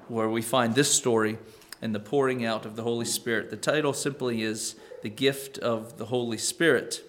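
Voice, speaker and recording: A man preaching a sermon to his church in a conversational, musing way, restarting phrases and rising in pitch and volume on key points. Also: fairly bright tone. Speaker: pastor.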